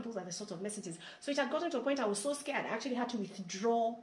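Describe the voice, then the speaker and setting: A woman's voice: a little high, animated, racing, few pauses. A woman earnestly telling her own story in an interview, often repeating words. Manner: earnest, repeats herself, rising with emotion. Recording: roomy echo, faint background hiss.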